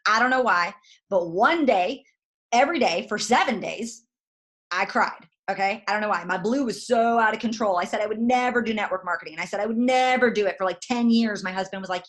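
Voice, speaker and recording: A woman, talking in a folksy, direct and animated way as she gives motivational advice. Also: medium pitch, quick pace. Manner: folksy, direct, animated, says "y'all" a lot. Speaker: guest network marketing leader. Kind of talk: motivational talk.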